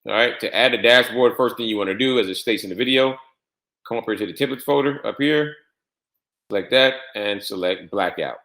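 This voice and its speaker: A man giving a step-by-step screen-share tutorial on trading software, repeating instructions and spelling out letters. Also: lowish voice, brisk. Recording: echoey room.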